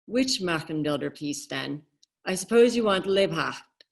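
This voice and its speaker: A woman voicing a weary aging father who plays the viola, speaking softly in a lowered, subdued tone. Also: expressive, unhurried, vocal fry, exaggerated voice. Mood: gentle, weary. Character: weary aging male violist father, gently wry.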